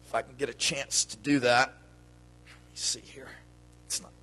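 A man's voice: medium pitch, level tone, measured pace, sharp tone. A man giving a children's sermon in a church, talking to the kids in a playful, friendly way. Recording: long reverb of a church hall.

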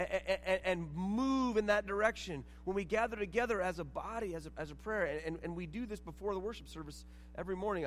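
A man with a high voice delivers an earnest sermon, often stumbling over repeated words as he restarts his sentences. He is recorded in a church, and a long reverb trails after his voice. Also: fairly bright tone. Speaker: church leader. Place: church sanctuary.

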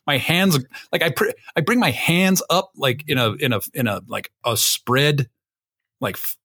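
A man's voice: on the high side, lively intonation, measured pace, fairly bright tone, husky. A man co-hosting a podcast in casual chat, rambling and self-mocking, swearing freely. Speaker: podcast co-host.

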